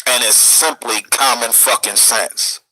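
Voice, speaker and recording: A man's voice: medium pitch, fairly even intonation, measured pace, sharp tone, dry recording, poor audio. A man giving a preachy, profane lecturing rant in a played clip.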